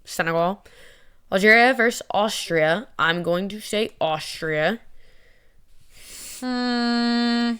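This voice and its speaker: Young woman, vlogger, casual chat, rambling, giggly, self-mocking, smooth clear voice. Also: on the low side, unhurried, a bit bright.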